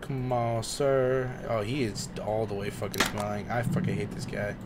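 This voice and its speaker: A young man casually commenting while he plays a horror game, excitable and talking to the screen in slang, often swearing. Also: on the low side, normal speed, very noisy. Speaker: gaming streamer.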